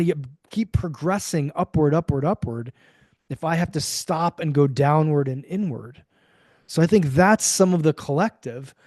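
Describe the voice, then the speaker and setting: A man talks emphatically as a guest on an interview podcast, often slipping into quoted voices and casual swearing. His voice sits a little high for a man. The sound is dry and close, with no room around it. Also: darkish tone, no room sound. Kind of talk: conversational interview.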